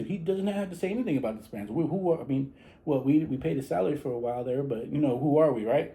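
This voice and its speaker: A man whose warm voice is a little high chats fairly quickly to camera as a barber from San Antonio, Texas, in a rough recording. He tends to ramble, repeat himself, and restart sentences often.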